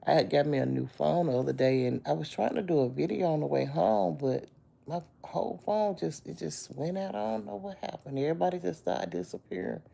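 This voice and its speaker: A woman's voice: sits low, animated, fairly quick, vocal fry, dark tone. A sick woman with a chest cold, lying in bed and chatting on a phone live stream, greeting viewers by name and calling them baby. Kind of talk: casual live-stream chat.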